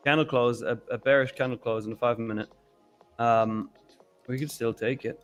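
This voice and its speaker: Male co-host, casual market talk, mid pitch, soft music underneath. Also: normal speed. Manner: relaxed, repeats himself, stammers. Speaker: co-host trader. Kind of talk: casual live trading chat.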